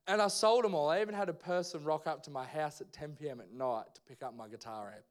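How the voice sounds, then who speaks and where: A young Australian man preaching in church, loose and slangy, full of energy as he tells a story. His voice sits a little high for a man and sounds smooth and resonant. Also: quick pace. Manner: casual, slangy and animated. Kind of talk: sermon with personal storytelling. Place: church service.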